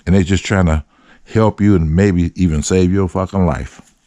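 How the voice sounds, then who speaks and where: A man's voice: sits low, steady tone, moderate pace, mellow, no echo. A man hosts his show, telling a story in a loose, profane, slang-heavy way. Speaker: host. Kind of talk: storytelling monologue.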